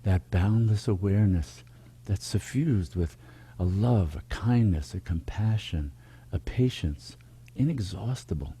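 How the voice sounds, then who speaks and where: A man leading a meditation program over a video call, speaking slowly and contemplatively in repeated rhythmic phrases. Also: fairly low pitch, mellow, slightly rough. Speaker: meditation teacher. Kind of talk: spiritual teaching talk.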